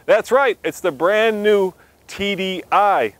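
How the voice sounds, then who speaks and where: A man's voice: sits high, slow pace, fairly bright tone, no echo. A man hosting a car review, upbeat and joking as he drives. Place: inside a moving car on city streets. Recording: car and street noise.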